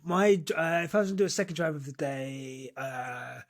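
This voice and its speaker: A man hosts a podcast in loose, casual chat. His voice sits slightly high and carries a gravelly fry. He rambles through restarts and often breaks into laughter. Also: moderate pace. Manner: rambling, laughs a lot, mimics drivers. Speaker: podcast host.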